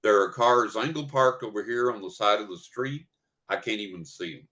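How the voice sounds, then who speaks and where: An older man with a drawl and a fairly low voice tells a story as a podcast guest. He paints each scene in detail and acts out what people said along the way. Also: moderate pace, crowd noise. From West Texas. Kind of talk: vivid personal storytelling.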